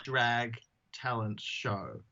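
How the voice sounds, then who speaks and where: Male drag queen guest, casual and self-mocking, bright voice on slightly dull audio. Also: medium pitch, drawn-out words, a little hiss or hum. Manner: chatty, self-mocking, slips into silly voices. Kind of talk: casual interview chat.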